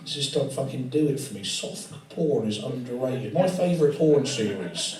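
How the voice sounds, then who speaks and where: A man's voice: mid-range voice, expressive, moderate pace, a little mellow. Profane, rambling male stand-up comic. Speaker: stand-up comedian. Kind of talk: live stand-up comedy. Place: tattoo studio, indoors. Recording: echoey room, distant mic, audience laughter.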